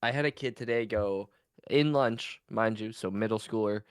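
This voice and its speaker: A man's voice: on the low side, normal speed, clean tone, no echo. A young man co-hosting a podcast while stuffed up with a cold, trading playful, dry banter about teaching middle schoolers. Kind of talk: casual chat.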